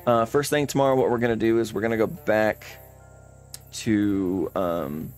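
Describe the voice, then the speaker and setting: A man's voice: on the low side, normal speed, a little mellow. A man hosting a let's play, chatting casually with lots of uh and um over faint game music. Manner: chatty, fills with uh and um.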